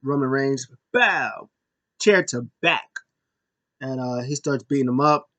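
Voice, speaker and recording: A man talking at a middling pitch as he recaps a wrestling show in a loose, casual way. He rambles and corrects himself often, and breaks out in excited bursts now and then. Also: slow pace. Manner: rambling, many fillers and self-corrections.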